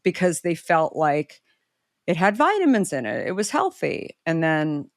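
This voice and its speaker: Animated middle-aged woman telling a story. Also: a little slow, no echo, studio quality. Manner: animated, acts out quoted voices with pitch leaps. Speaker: guest entrepreneur. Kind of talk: conversational storytelling.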